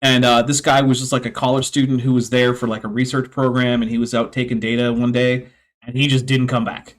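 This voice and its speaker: A man's voice: mid-range voice, little pitch movement, a little fast. A man hosting a reaction stream, talking in a rambling, casual way with lots of fillers and sarcastic asides. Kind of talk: casual chat.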